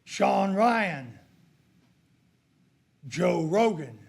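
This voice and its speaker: An older man speaking during public comment at a county meeting, held in the commissioners' court meeting room, is heated, accusatory and emphatic. He's very animated, with a high, creaky, slightly rough voice of darkish tone and drawn-out words.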